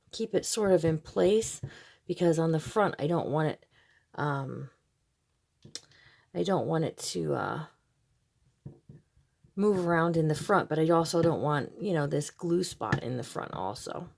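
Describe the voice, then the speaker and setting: A woman's voice: on the low side, gravelly, darkish tone. A woman hosting a casual DIY craft tutorial, chatty with frequent ums, her voice slightly scratchy from a cold. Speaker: craft channel host.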